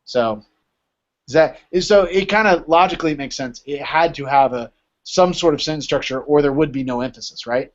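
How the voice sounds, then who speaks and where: A man with a slightly high voice teaches a Greek class at a moderate pace, lecturing casually and often checking in with "right?" as he explains. The recording is dull and lo-fi.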